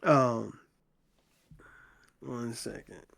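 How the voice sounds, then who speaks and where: Slow-talking man retelling a novel. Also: mid-range voice, creaky, fairly bright tone. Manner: slow, conversational retelling with quoted dialogue read in plain voice. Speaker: book club podcast host. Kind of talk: reading and retelling a novel in casual chat.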